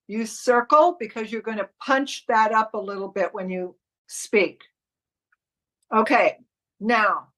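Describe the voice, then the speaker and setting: A woman with a fairly high, very bright voice teaches a live online class on reading commercial copy. She explains methodically, step by step, restarting her sentences as she goes. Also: low-quality recording. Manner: instructive, step-by-step, with frequent restarts. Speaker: modeling and commercial coach.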